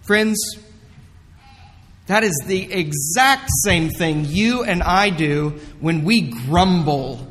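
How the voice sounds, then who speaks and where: A pastor with a high voice preaches slowly and earnestly, leaning hard on key words. His sermon rings out through a hall with a long reverb. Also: expressive, a bit bright, soft background music. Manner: earnest, emphatic preaching with dramatic retellings.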